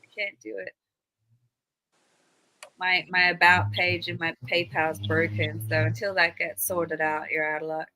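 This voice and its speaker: Bright, crisp-voiced woman chatting on a stream. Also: lowish voice, flat delivery, a little slow, pauses often, rough recording. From Australia. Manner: chatty, rambling anecdotes with a laugh. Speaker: live stream host. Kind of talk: casual chat.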